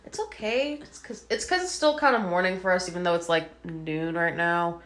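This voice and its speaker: A woman's voice: lowish voice, normal speed, a bit bright. A woman co-hosting a casual podcast, chatty and full of fillers, swearing now and then. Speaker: podcast co-host.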